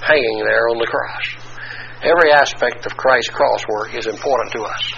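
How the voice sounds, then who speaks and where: A male preacher giving an expository Bible teaching sermon, talking deliberately and spelling out Greek words letter by letter. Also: mid-range voice, vocal fry, bright, forceful tone. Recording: dull lo-fi recording with faint hiss.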